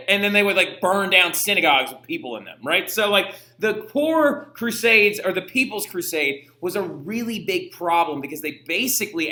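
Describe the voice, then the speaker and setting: Chatty and slangy, a man teaches history casually, constantly saying "like" and "right?" and voicing historical figures for humor. His high voice is bright and forceful, heard in a roomy space.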